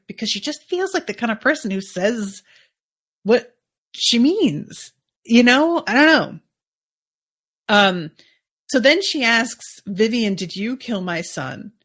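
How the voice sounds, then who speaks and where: A woman's voice: medium pitch, a bit bright. A woman hosting a podcast, chatting casually through an episode recap, musing and thinking aloud with lots of fillers. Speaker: podcast host.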